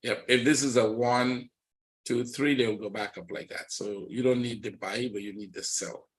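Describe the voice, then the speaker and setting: A man teaching a live trading webinar, walking quickly and plainly through one chart after another. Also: medium pitch, fairly even intonation, a little hiss or hum. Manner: rapid, matter-of-fact chart commentary. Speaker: trading instructor.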